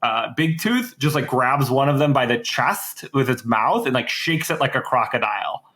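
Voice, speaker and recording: A man's voice: mid-range voice, expressive, moderate pace, sharp tone. A young man casually recapping a story on a podcast, rambling with lots of fillers and restarts. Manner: rambling, heavy on "like" and "uh", many restarts. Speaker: podcast co-host. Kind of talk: casual lore recap chat.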